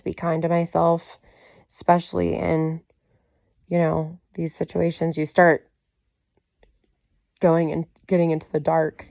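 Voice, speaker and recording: A woman's voice: on the low side, vocal fry, darkish tone, no echo. A woman giving a candid, rambling personal video update, full of "you know" and "like" fillers and casual swearing. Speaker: vlogger.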